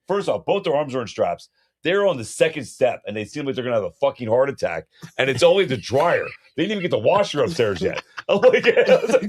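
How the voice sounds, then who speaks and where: A man co-hosting a casual podcast, an animated storyteller who swears a lot and keeps saying bro. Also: medium pitch, a little fast, husky, no echo, clean studio sound. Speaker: podcast co-host. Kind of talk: casual chat.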